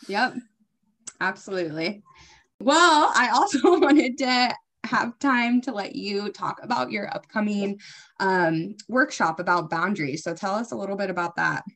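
A woman's voice: medium pitch, expressive, a little slow, a bit bright. A young woman co-hosting a casual spiritual podcast, telling stories and acting out her own past lines. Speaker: co-host, spiritual medium.

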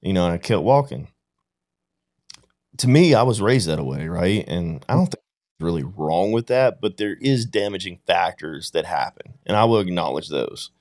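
A man's voice: low-pitched, darkish tone. A man in casual podcast conversation, telling a reflective story and often checking in with "right?". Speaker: podcast guest or co-host.

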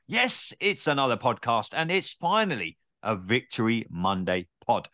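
A man's voice: mid-range voice, lively intonation, normal speed, few pauses, bright, forceful tone, dry recording, clean studio sound. A man hosting a casual sports podcast, chatty and swearing casually, with many filler words. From Britain. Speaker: podcast host.

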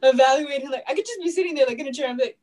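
A woman's voice: high-pitched, racing, darkish tone. A young woman co-hosting a casual chat podcast, teasing her friend and jumping in with jokes. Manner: playful and teasing, jumps in with jokes. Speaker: podcast co-host.

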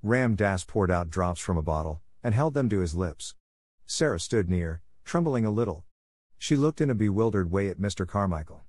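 A man narrating a classic children's story in a fairly low voice, recorded close and dry. He reads steadily, in a measured and even way. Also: no echo. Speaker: audiobook narrator. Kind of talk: scripted narration.

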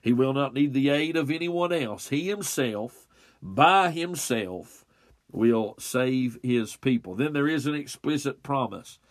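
Male preacher, mid-pitched, unhurried and emphatic, close dry sound. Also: animated, dry recording. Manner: slow, deliberate delivery with emphatic pauses. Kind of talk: expository sermon.

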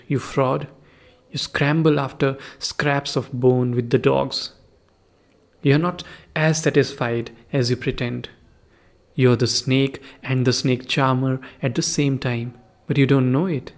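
A man's voice: medium pitch, lightly acted. A man voicing a poor, discontented wife who scolds her husband, in a reproachful, accusing way.

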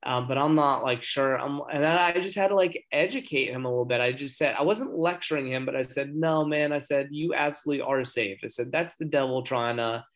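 A man telling a story in casual chat, earnest and rambling, getting excited as he talks. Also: medium pitch, brisk, hardly any pauses. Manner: earnest, excitable when talking faith; rambling with many fillers and restarts.

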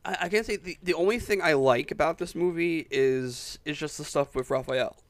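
A man's voice: a little high, moderate pace, no room sound. A man in his twenties co-hosting a casual chat, tired, stammering and laughing often. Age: 20s. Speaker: podcast co-host.

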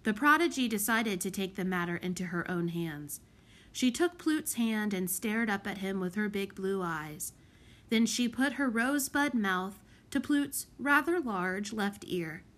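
A woman's voice: medium pitch, measured pace, fairly bright tone. Woman reading a children's audiobook. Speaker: audiobook reader.

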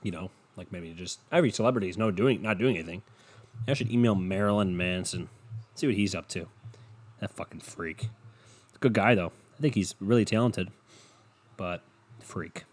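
A man hosting a solo podcast, rambling in a profane, deadpan way and sounding tired. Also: sits low, moderate pace, pauses often, husky. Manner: profane, meandering and deadpan, with frequent swearing. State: tired and yawning. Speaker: podcast host.

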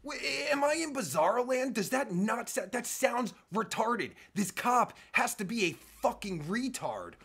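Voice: medium pitch, big pitch swings, measured pace, gravelly, hardly any pauses, a bit bright, slightly rough. A reaction-video host giving angry, profane commentary, ranting and swearing constantly.

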